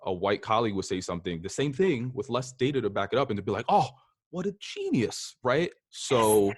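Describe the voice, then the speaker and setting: Brief: very low-voiced man, podcast host, reflective anecdotes, dry close sound. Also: fast, no room sound. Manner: reflective, shares personal anecdotes with frequent fillers. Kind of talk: casual interview talk.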